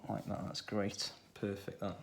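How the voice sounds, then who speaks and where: A man with a Stoke-on-Trent accent, talking through a children's drawing tutorial in a relaxed way, thinking aloud as he draws. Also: lowish voice, unhurried, creaky, slight background noise. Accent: Stoke-on-Trent English. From England. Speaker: art tutor.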